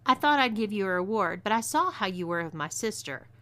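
A woman's voice: mid-range voice, animated, fairly quick, a bit bright, natural voice. Woman playing a cocky Texan outlaw woman. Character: bold female outlaw gunslinger, cocky and commanding.

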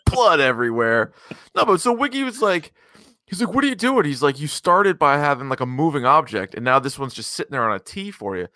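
Lively, joking New Hampshire man. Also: medium pitch, a little fast, dry recording, clean studio sound. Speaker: podcast co-host. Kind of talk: casual banter.

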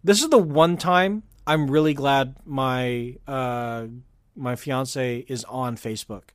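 A man from California talks in a loose, rambling podcast chat, full of ums and restarts. His voice sits at an ordinary middle pitch. The sound is dry and close, with no room around it. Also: takes it slowly, no room sound. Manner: chatty, rambling with fillers and restarts. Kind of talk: casual chat.

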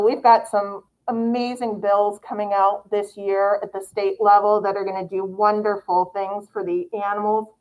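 A woman guest on a podcast interview, explaining her work in a confident, measured way. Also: mid-range voice, darkish tone, low-quality recording. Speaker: guest, animal welfare director. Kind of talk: interview answers.

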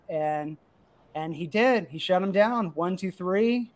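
Middle-aged guy, high voice, gushing about his kid's game, all worked up. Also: moderate pace. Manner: excited, storytelling, emotional. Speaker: comic creator and Little League coach. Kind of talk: casual chat.

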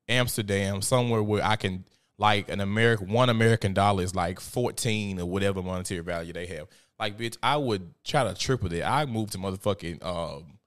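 A young man hosting a live show, chatting casually and animatedly with lots of swearing. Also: mid-range voice. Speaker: show host. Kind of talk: casual live-stream commentary.

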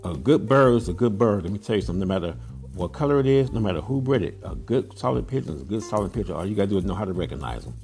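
A low-voiced man from Southern California talks straight at his listeners in a blunt, preachy monologue. He fires off question after question. Faint music plays under him. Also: animated, very fast, creaky, a little mellow. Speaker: podcast host, pigeon breeder. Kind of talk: casual monologue.

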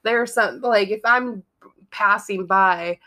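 A woman's voice: mid-range voice, sharp tone. An American woman co-hosting a podcast, chatting casually with lots of fillers and frequent laughter. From United States. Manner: unhurried, full of fillers, laughs a lot. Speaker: podcast co-host. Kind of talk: casual chat.

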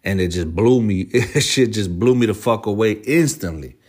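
A man's voice: on the low side, normal speed, darkish tone. A man telling a story from his own life in a rambling, slangy way, swearing constantly. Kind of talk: casual storytelling monologue.

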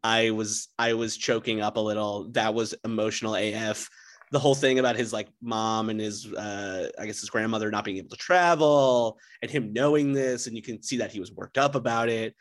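A man's voice: lowish voice, fairly quick. Rambling man chatting on a podcast. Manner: rambling, lots of fillers and restarts. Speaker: podcast guest. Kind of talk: casual chat.

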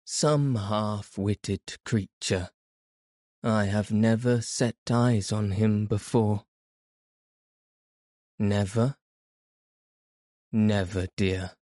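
A man's voice: on the low side, steady tone, slow, mellow, no echo, clean studio sound. A man voicing a stern, dismissive female chaperone. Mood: firm. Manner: firm, dismissive. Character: stern older female chaperone, cold and firm.

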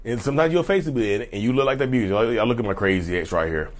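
A man's voice: mid-range voice, very fast. Man giving colloquial advice to viewers. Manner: colloquial, repetitive, addresses viewers as y'all. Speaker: channel host. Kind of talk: casual advice vlog.

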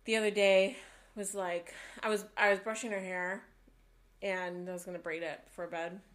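A young woman co-hosting a podcast in casual chat, telling a story softly and rambling with fillers. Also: mid-range voice, little pitch movement, moderate pace. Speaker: podcast co-host.

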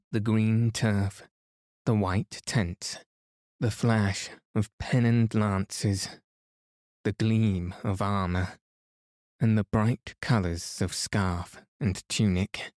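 A man calmly reading a children's book aloud as a bedtime story for sleep. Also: lowish voice, no room sound, clean studio sound. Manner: calm, soothing. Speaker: podcast reader.

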